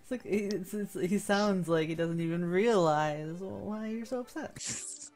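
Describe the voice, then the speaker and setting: A woman's voice: lowish voice, a little slow, darkish tone, faint music behind. A young woman chatting as a player in a tabletop role-playing game, laughing often. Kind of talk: casual tabletop role-play chat.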